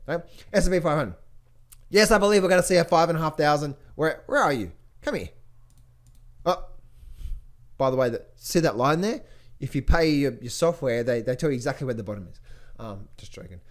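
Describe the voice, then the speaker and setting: Excitable man talking markets. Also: fairly high pitch. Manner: excitable, repetitive, restarts phrases, mock voices. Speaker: trading educator. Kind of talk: casual market commentary to camera.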